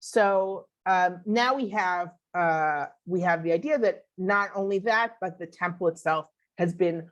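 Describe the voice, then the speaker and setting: A woman's voice: fairly low pitch, unhurried, few pauses, highs cut off. A woman teaching a Bible class online, explaining in a conversational way and answering questions as she thinks aloud.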